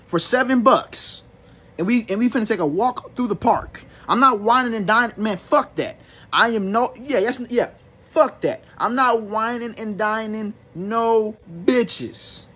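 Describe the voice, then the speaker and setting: Young male vlogger, husky and fairly high, animated swearing storyteller. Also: normal speed. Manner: profane, rambling, animated. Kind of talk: storytime rant.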